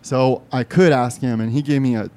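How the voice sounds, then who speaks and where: A man co-hosting a beer podcast, chatting casually and describing a beer in a relaxed, rambling way. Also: mid-range voice, normal speed. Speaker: podcast co-host. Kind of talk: casual chat and recorded confessional segment.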